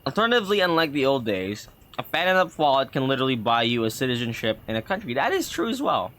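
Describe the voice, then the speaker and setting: Lively chatty male streamer. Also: medium pitch, quick pace. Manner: chatty, rambling, many fillers. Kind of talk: casual gameplay commentary.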